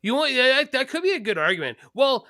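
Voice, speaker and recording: A man's voice: very high-pitched, sing-song, fast talker, sharp tone, no room sound, clean studio sound. Profane ranting man on a podcast. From Canada. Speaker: podcast co-host. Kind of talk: casual podcast chat.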